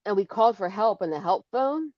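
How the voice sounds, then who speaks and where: A woman co-hosting a live show, telling stories in a casual, animated way. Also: mid-range voice, a little fast, dry recording. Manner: animated, bursts into shrieks and laughter when acting out scares. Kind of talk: casual storytelling chat. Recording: dull lo-fi sound.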